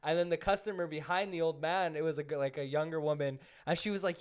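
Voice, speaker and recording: A young man co-hosting a podcast, telling stories in an animated casual way and laughing often. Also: a little high, fast talker. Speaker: podcast co-host. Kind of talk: casual chat.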